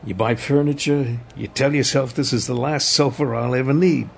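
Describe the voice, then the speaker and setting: A weary insomniac man, read by a man in a radio scene reading, hesitant and subdued. His voice is gravelly with fry. Faint noise sits behind him. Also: medium pitch, steady tone, normal speed, lightly acted.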